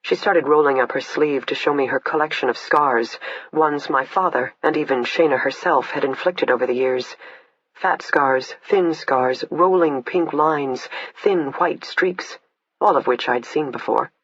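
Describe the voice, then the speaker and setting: A man with a husky voice reading a first-person thriller as steady scripted narration. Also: fairly high pitch, a little slow. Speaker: audiobook narrator. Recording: dull lo-fi, dry.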